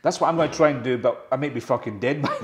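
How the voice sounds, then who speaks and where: A man's voice: mid-range voice, rapid-fire, noisy background. A man hosting a casual interview, laid-back, swearing offhandedly and dotting his talk with "aye" and "you know". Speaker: host. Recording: echoey room.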